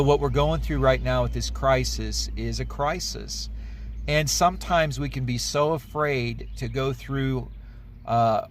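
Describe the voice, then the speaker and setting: Man in his forties, pastor type, mid-pitched voice, easygoing storytelling delivery, faint hiss under the recording. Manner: storytelling, reflective, plain-spoken. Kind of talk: devotional talk.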